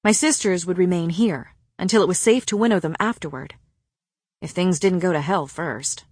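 A woman narrates a story aloud in a lowish, softly even voice. Her reading is steady and unhurried, and it is caught close and dry with no room sound. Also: slightly rough, no room sound. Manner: soft, even storytelling with quiet dialogue. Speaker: audiobook narrator. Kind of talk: scripted first-person narration.

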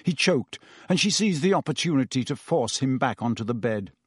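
Man narrating an expressive audiobook. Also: mid-range voice, moderate pace, husky, no room sound, studio quality. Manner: steady, expressive storytelling.

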